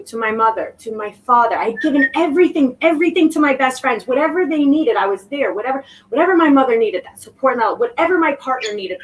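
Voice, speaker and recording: High-pitched woman guest, slow reflective storyteller, halting restarts, mic a bit far. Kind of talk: personal story in an interview. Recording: voice distant from the mic.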